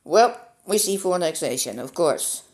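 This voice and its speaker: A man's voice: sits high, big pitch swings, normal speed. A male gamer at home giving casual commentary on a strategy map game, rambling and easily sidetracked, with lots of "like.". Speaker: gaming commentator.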